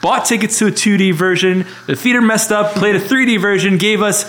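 A man's voice: sits high, fairly quick, a bit bright. A man in his thirties co-hosting a casual podcast chat, hesitant with many fillers and frequent laughs. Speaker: podcast co-host.

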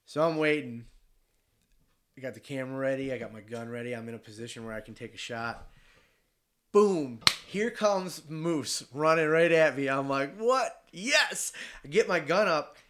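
A man from Michigan telling a hunting story in casual chat, animated and swearing freely as he acts out the voices of the people in it. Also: medium pitch, moderate pace, slight background noise.

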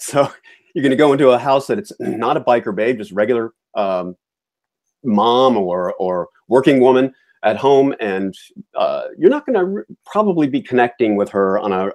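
A man's voice: on the low side, a little mellow. A man hosting a podcast, giving his opinions in a chatty, casual way. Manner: chatty and opinionated, with frequent fillers and restarts. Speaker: podcast host.

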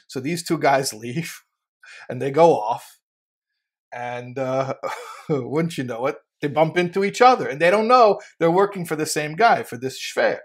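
A man teaching a Torah sermon through a parable in an animated, storytelling style. His pitch swings widely, and he often trips over and repeats his words. His pace goes from quick to slow. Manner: laughs while telling.

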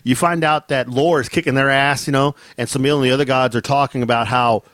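A man's voice: mid-range voice, steady tone, brisk, a bit bright, no echo. A man co-hosting a casual chat, recapping comics loosely and profanely. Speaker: podcast co-host.

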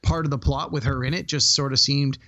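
A man co-hosting a casual movie podcast, talking in a halting way with many restarts and fillers. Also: medium pitch, steady tone, sharp tone, dull audio. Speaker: podcast co-host.

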